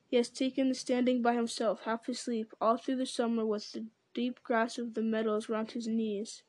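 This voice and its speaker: A woman voicing an ancient, slow and grave male tree-giant in a storybook reading, speaking in a solemn, deliberate way. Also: on the high side, a little mellow, no room sound, lightly acted.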